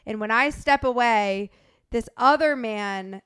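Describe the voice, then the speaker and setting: A young woman co-hosting a casual chat, telling stories in an animated way and laughing often. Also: on the high side, slow, clean tone, dry recording, clean studio sound. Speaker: podcast co-host.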